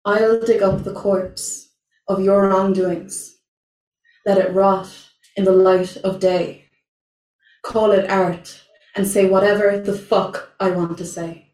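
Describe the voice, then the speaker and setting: A young woman performing a spoken word poem at an open mic, slow, deliberate and intense. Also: mid-range voice, level tone, darkish tone. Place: small venue, indoors. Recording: roomy, from far off.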